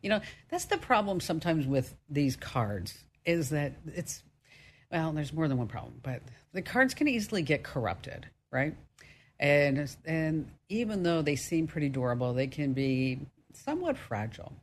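A woman's voice: deep voice, normal speed, a little hiss or hum. Chatty New Jersey radio host woman. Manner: chatty, animated, jokey. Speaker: radio tech show host. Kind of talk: call-in radio chat.

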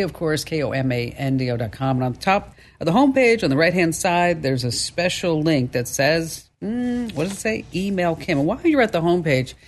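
A woman hosting a call-in radio show, talking in an upbeat, chatty way with quick asides. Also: sits low. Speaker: radio talk show host.

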